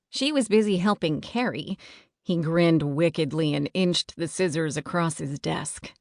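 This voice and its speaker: A woman narrating a children's audiobook in a clear, expressive storytelling manner, on a close studio mic. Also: lowish voice, no echo.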